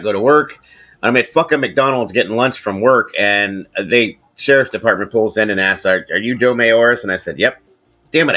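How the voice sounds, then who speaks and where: A middle-aged man hosting a casual podcast, telling a rambling, profane story and getting animated when he quotes people. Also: lowish voice. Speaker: podcast host.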